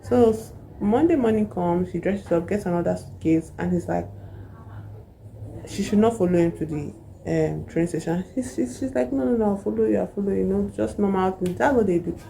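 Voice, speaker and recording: Woman, casual book review, rambling asides, mellow tone, faint background noise. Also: fairly low pitch, moderate pace, vocal fry, rough recording. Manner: rambling and animated, full of asides. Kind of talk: casual plot retelling.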